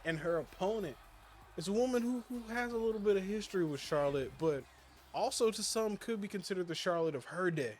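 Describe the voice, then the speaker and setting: A man with a Southern US accent doing casual video game commentary with a co-host, playful and quick to laugh. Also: high voice. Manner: playful, laughs often, talks excitedly in bursts.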